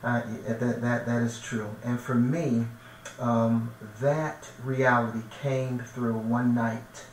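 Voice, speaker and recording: A male minister tells a heartfelt personal testimony, earnest and emotional, often doubling back over his words. His voice sits at an ordinary middle pitch. It is picked up from some distance in an echoey room, with faint noise underneath. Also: level tone, takes it slowly. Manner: earnest, emotional, repeats himself while searching for words.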